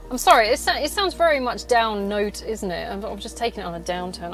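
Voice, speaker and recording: A woman's voice: medium pitch, rough recording. A woman hosting a solo podcast from her car, ranting in casual chat, swearing and laughing between points. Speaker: podcast host.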